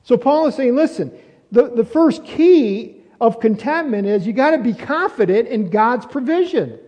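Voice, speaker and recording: A man's voice: very high voice, animated, moderate pace, darkish tone. A man preaching a sermon in a conversational way, asking rhetorical questions and often restarting his sentences. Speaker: pastor. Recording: muffled audio with long reverb.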